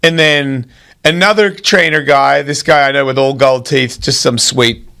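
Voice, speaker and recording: A man's voice: unhurried, creaky, clear, resonant tone. A man telling fight stories on a podcast as a guest, swearing freely and acting out the people he quotes. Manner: profane, animated, acts out quoted people in loud high voices. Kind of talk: casual podcast storytelling.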